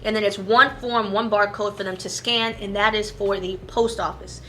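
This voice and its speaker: A woman who runs a made-to-order shop, chatting quickly and casually as she explains how selling online works. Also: mid-range voice, fairly even intonation, fairly bright tone, slight background noise. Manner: fast-talking, chatty, self-aware about speed.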